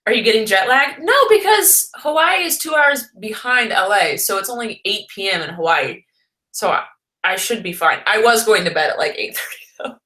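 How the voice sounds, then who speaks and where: A woman's voice: medium pitch, expressive, normal speed, sharp tone. A woman chatting casually on a livestream, rambling and laughing often as she answers comments. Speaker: vlogger live-streaming. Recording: roomy echo.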